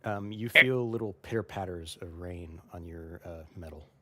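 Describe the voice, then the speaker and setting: A man's voice: low voice, moderate pace, bright, forceful tone, no room sound. A man narrating as game master of a tabletop game, loose and hesitant with fillers.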